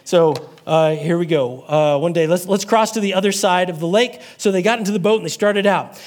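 A man's voice: high voice, a little fast, few pauses, a little mellow. A man preaching a casual sermon, repeating words and quizzing his congregation with questions. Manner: repeats words while thinking. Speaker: pastor.

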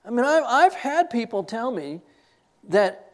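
With a very high voice and a measured pace, an older man delivers a sermon-style lesson on a Bible passage to his students. He tells stories animatedly, laughing at some points and choking up at others.

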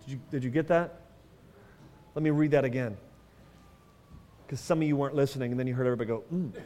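A pastor giving a sermon in a conversational way, putting questions to the congregation and adding wry humor. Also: male voice, mid-range voice, quick pace, mellow. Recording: long reverb of a large hall.

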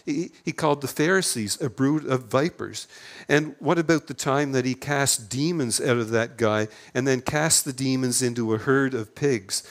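An older man delivers a sermon in a conversational, plainspoken manner. His voice sits at an ordinary middle pitch, and he keeps posing rhetorical questions, sometimes stumbling and restarting a word. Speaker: pastor.

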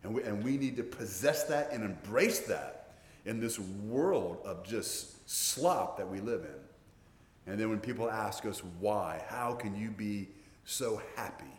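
Older pastor preaching in a reverberant hall. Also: male voice, fairly low pitch. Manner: earnest, repeats words while preaching. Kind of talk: sermon. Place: church. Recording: roomy church hall reverb.

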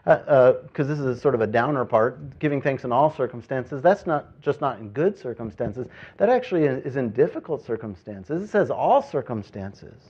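Muffled pastor preaching conversationally. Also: male voice, mid-range voice, slightly rough. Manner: conversational preaching with sudden loud emphasis and quiet asides. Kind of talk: sermon.

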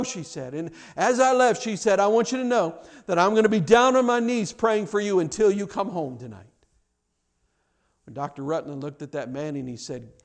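A man preaching a sermon, telling a story and acting out its people, with repeated stammers, rising loud on key lines and dropping low. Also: expressive, a little fast. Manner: impassioned, swells loud on key lines then drops low.

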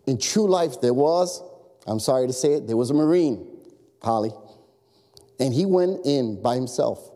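Animated pastor preaching in a big echoing hall. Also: male voice, medium pitch, normal speed, long pauses. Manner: animated, repetitive exhortation with asides. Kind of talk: sermon. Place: church sanctuary. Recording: long echo of a large hall.

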